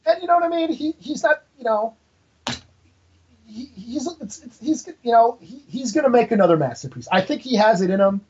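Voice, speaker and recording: A man's voice: very high-pitched, animated, brisk, a little mellow, breathy edge, dull audio. A man co-hosting a podcast in casual chat who laughs often and tells stories with animation. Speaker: podcast co-host.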